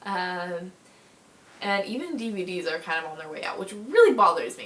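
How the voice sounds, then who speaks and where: A young woman vlogging to camera, telling childhood stories in a chatty, animated way with lots of fillers and bursts of laughter. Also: mid-range voice, moderate pace. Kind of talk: casual storytelling to camera. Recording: echoey room.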